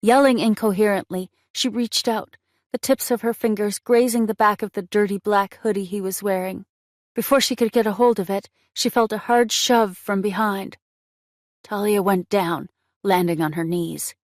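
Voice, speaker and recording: A woman narrating a romance audiobook in a measured, expressive reading on a close mic. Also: medium pitch, no room sound.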